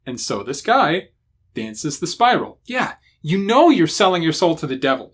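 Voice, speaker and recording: A man's voice: on the high side, normal speed, slightly rough. A man co-hosting a podcast, chatting casually and profanely about running tabletop games, acting out quotes as he goes. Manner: animated, profane, acts out quotes. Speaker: podcast co-host.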